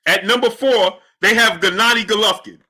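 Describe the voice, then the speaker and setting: Male livestream boxing host, high lively voice with a very bright edge, hypes the chat. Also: normal speed, breathy edge. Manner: animated, hypes the audience, shouts out chat names. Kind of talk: livestream commentary reading chat.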